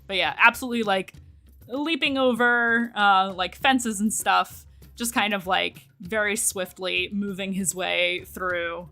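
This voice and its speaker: Slow, bright-voiced woman game master. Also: mid-range voice, soft background music. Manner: hesitant, many fillers. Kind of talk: narrating a tabletop game.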